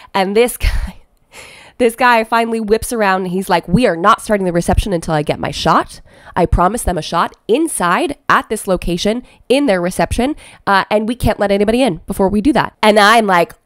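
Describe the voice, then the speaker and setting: A woman's voice: mid-range voice, no echo, studio quality. Direct, emphatic woman podcast host. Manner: direct, emphatic, quick to laugh. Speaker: podcast host and wedding planner. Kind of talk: casual podcast storytelling.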